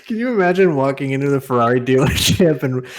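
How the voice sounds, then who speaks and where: A young man co-hosting a comedy podcast, teasing his partner with quick, laughing comebacks. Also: medium pitch, animated. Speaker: podcast co-host. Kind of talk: casual comedic chat.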